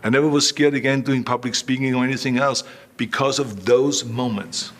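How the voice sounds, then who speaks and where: An older man tells stories as an interview guest, his voice sitting at an ordinary middle pitch. He talks in a lively way, slipping into the voices of the people he quotes. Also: moderate pace. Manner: animated anecdotes, acting out quoted lines. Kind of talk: storytelling in an interview.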